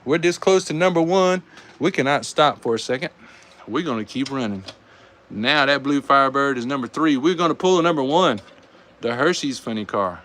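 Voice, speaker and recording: A man with a Southern US accent calling live die-cast car races, excitable and saying y'all, reading out times as each heat ends. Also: medium pitch, moderate pace. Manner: excitable, calls out race times, says y'all. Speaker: die-cast race host and commentator. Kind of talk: live race commentary.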